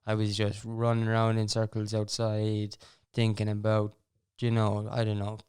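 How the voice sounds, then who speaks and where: A man's voice: lowish voice, completely flat delivery, moderate pace, darkish tone, clear, resonant tone. A young Irish man hosting a podcast, telling stories in a rambling, casual way with wry asides and frequent restarts. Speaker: podcast host. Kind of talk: casual storytelling chat.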